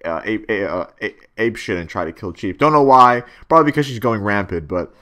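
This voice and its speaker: A man's voice: lowish voice, expressive, brisk, bright, forceful tone. A young man giving a casual spoken video review, rambling with many fillers and restarts and swearing freely.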